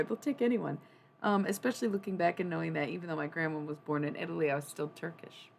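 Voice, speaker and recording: A woman's voice: low voice, steady tone, fast, creaky. A young adult woman chatting casually on a livestream, rambling and swearing freely. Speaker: streamer.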